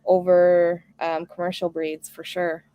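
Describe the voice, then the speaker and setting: A woman's voice: fairly low pitch, level tone, measured pace, smooth, dry recording, muffled recording. A woman hosting a casual live stream, talking earnestly and reading viewer comments aloud. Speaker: homestead live stream host.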